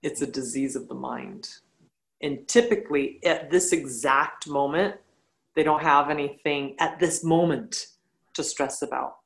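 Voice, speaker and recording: A woman, a yoga teacher, speaking bluntly and telling animated stories in a casual podcast conversation. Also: deep voice, creaky, low-quality recording.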